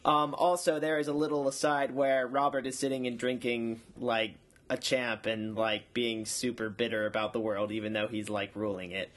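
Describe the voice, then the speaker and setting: A young man talks through a show recap in a loose, comedic way. He rambles, laughs at his own jokes and keeps slipping into quick silly voices. His voice sits at an ordinary middle pitch. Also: flat delivery, a bit bright. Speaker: podcast co-host recapping a show episode.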